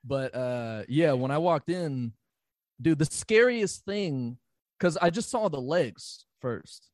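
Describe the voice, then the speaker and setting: Profane, excitable man telling a story. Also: fairly high pitch, takes it slowly, dry recording, studio quality. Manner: profane, excitable, acts out his own reactions. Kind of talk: animated storytelling in casual chat.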